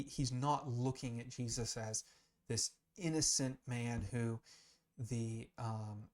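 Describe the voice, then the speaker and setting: Male Bible teacher, casual talk-through, emphatic and earnest, thinks aloud, mid-range voice. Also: medium pitch.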